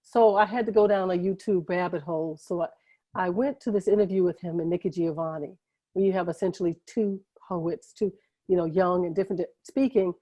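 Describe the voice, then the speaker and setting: Rambling, mellow-voiced female moderator. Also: on the low side, fairly even intonation, a little fast, dry recording, muffled recording. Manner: enthusiastic, rambling, self-interrupting. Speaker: host and moderator. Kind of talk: conversational interview question. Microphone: video call.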